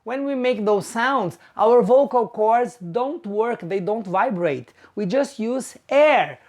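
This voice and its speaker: Female pronunciation teacher, very slow and careful, stretches each sound out for learners. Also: on the high side, lively intonation, a little mellow. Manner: slow and deliberate, drawn-out example sounds. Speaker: English teacher.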